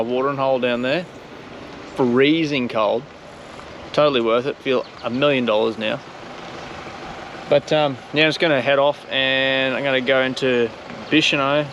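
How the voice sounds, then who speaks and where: Laid-back Aussie travel vlogger, young man, slangy and upbeat, recorded outside with wind in the mic. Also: mid-range voice. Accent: Australian. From Australia. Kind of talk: casual travel vlog. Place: outdoors on a windy coast. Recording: outdoor recording with wind noise.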